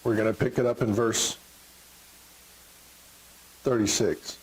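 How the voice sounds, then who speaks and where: A man's voice: on the low side, fairly even intonation, slow, slight background noise, rough recording. A middle-aged man with a Texan accent, preaching a sermon in a church, joking and acting out voices of the crowd. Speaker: pastor. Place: church sanctuary.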